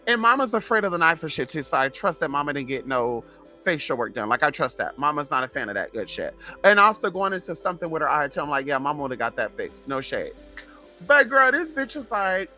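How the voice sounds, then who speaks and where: A woman in her thirties telling a sassy, profane storytime in casual vlog chat, animated and gossipy. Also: deep voice, quick pace, soft background music. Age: 30s. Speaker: vlogger.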